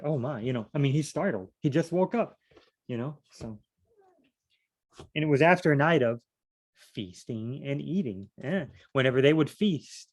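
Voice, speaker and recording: A man reading scripture aloud and commenting on it in a relaxed, chatty way, often wandering into asides and restarting his sentences. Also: mid-range voice. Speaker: Bible study vlogger.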